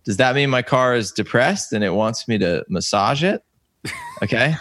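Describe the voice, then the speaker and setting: A comedian in his thirties, on as a guest, tells anecdotes in a casual chat, rambling and cutting himself off with lots of fillers. His voice is mid-range, expressive and a bit bright, at normal speed.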